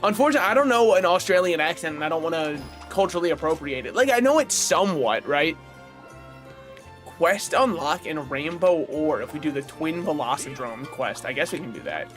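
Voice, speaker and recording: A man's voice: on the high side, lively intonation, brisk, fairly bright tone, soft background music. A man streaming a video game, chatting casually in a rambling, opinionated way and chuckling often. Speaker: gaming streamer. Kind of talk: casual livestream chat while playing.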